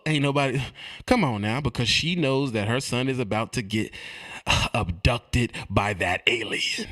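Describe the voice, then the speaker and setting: A man delivering a streetwise comedic rant, animated and repetitive, swinging between loud and quiet. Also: mid-range voice, normal speed. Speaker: comedic ranting monologue.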